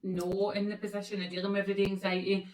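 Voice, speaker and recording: Chatty Scottish woman co-hosting a makeup vlog; teasing and quick to laugh; mic off at a distance in an echoey salon. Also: medium pitch, monotone, a little mellow. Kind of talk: casual chat while doing makeup. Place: beauty salon, indoors.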